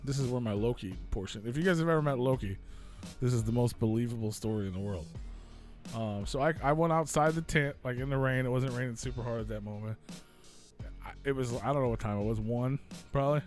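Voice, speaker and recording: A man's voice: medium pitch, quick pace, faint music behind. A man hosting a casual radio talk show, telling a long rambling story full of swearing. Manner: rambling storytelling, swearing, acts out quoted voices loudly. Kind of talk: casual chat.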